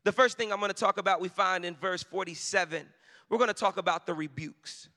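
High, bright-voiced preacher man. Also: a little fast. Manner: conversational storytelling that builds to shouted emphasis. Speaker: pastor. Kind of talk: sermon with personal story. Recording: long reverb of a large hall.

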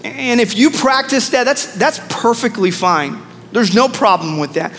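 Male pastor, high voice, storytelling sermon, lively asides, long church reverb, faint room noise. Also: measured pace. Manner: storytelling, animated with asides to the congregation.

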